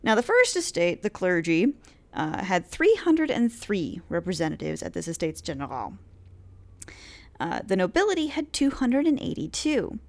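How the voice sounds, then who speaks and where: A woman's voice: lowish voice, sing-song, moderate pace, a little mellow. A woman hosting a history series, explaining events in a casual, chatty lecture with playful asides and frequent filler words. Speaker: history podcast host.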